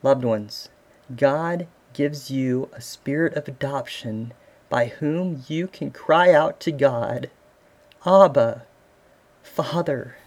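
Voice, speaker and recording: A man's voice: mid-range voice, slow pace, a little mellow. A man, a father, preaching a sermon as pastor, earnest and asking the listeners questions. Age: adult father.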